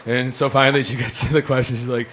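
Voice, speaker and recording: A man's voice: medium pitch, flat delivery, quick pace, background noise. A man telling a comic story in a casual way, swearing and acting out other people's lines.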